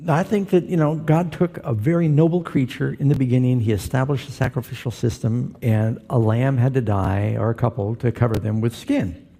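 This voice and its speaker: A man's voice: medium pitch, fairly even intonation, moderate pace, creaky, warm tone. A middle-aged man preaching a sermon as pastor, telling stories with humor and putting questions to his congregation. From Southern California.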